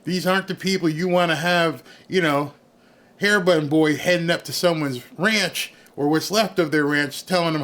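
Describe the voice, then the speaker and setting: A man's voice: on the high side, normal speed, fairly bright tone. A man, streaming an angry, sarcastic rant in reaction to news clips. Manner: angry, sarcastic, mocks others in put-on voices. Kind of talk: ranting reaction commentary.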